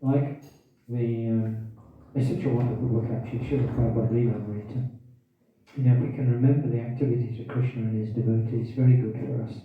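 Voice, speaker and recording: A man's voice: medium pitch, steady tone, a little fast, a little hiss or hum. Brief: male lecturer, scripture class, asks the room questions, hiccups, distant tinny mic, big echo. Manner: questions the audience, repeats key phrases. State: has hiccups. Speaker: teacher giving a scripture class.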